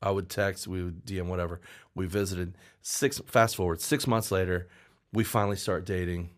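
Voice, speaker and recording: Deep-voiced man telling a candid story. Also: flat delivery, normal speed. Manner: candid, rambling, with restarts and acted-out quotes. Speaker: songwriter guest. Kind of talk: storytelling in a casual interview.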